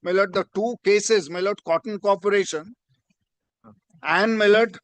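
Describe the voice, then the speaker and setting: High-voiced advocate. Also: male voice, a little slow, no echo. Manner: deferential, peppers every phrase with "my lord". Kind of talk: formal courtroom argument. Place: courtroom.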